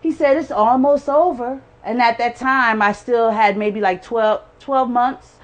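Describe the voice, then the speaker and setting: Woman in her forties, high voice, earnest testimony, emphatic, acts out quotes. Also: a little slow, lo-fi sound, slight background noise. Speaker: guest sharing a personal testimony. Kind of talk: heartfelt personal testimony.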